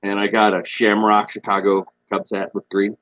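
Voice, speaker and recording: A man's voice: on the low side, completely flat delivery, normal speed, fairly bright tone, highs cut off. A young man co-hosting a podcast, laid-back and blunt, swearing freely in casual chat. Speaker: podcast co-host.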